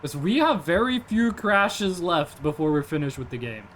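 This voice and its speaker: High, lively-voiced young male streamer. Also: normal speed, few pauses, slight background noise. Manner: rambling, reads chat aloud, jokey asides. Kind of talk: casual gameplay stream chat.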